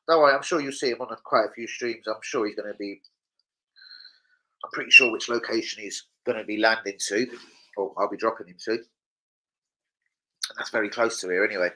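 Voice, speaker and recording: Bright-voiced sweary man streaming. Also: mid-range voice, lively intonation, a little fast, poor audio. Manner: swearing, banter with chat. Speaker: livestreamer. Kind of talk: casual live-stream chat.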